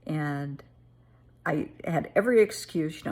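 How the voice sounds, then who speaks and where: A woman's voice: sits low, unhurried, vocal fry, slightly rough. A middle-aged woman therapist telling a personal story and giving earnest, emotional advice. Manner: earnest, emotional, calls listener honey.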